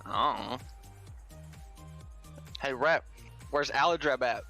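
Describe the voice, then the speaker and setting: A man's voice: mid-range voice, slow, vocal fry, sharp tone, faint music behind. A man chatting casually in gaming voice chat, blunt and joking, swearing offhand.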